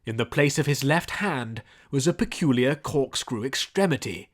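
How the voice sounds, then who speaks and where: Brief: male storybook narrator, mid-pitched, descriptive reading. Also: animated, normal speed. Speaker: audiobook narrator.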